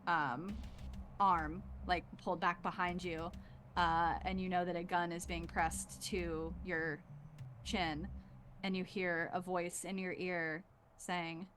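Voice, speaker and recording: A woman narrates a tabletop role-playing game at an easy pace. She talks loosely, with plenty of fillers and pauses. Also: lowish voice, level tone, a bit bright, slight background noise. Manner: casual, filler-heavy narration. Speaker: game master.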